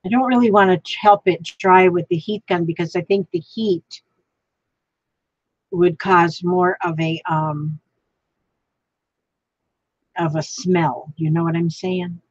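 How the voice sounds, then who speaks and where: A woman's voice: lowish voice, fairly even intonation, takes it slowly, long pauses, dry recording, lo-fi sound. A woman vlogging while she crafts, thinking aloud in a rambling way, trying out names and chatting to the piece she is making.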